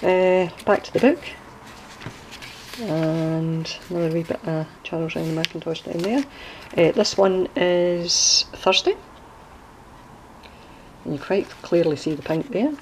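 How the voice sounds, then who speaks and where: A woman's voice: on the low side, measured pace, long pauses, a little hiss or hum, poor audio. A woman from Scotland with a Scottish accent, chatting casually as she shows a handmade journal and wanders off to explain local sayings. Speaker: crafter showing a handmade journal. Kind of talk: casual show-and-tell video.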